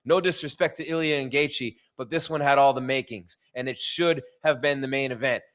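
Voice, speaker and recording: An excited man giving live commentary on a fight result, emphatic and exclamatory. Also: medium pitch, a little fast.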